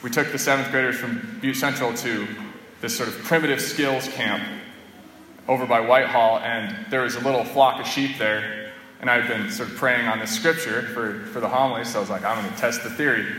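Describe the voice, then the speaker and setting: Bright-voiced priest in an echoey church. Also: male voice, medium pitch, fairly even intonation, moderate pace, slight background noise. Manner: conversational, storytelling delivery. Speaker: Catholic priest. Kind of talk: homily. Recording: echoey church with long reverb.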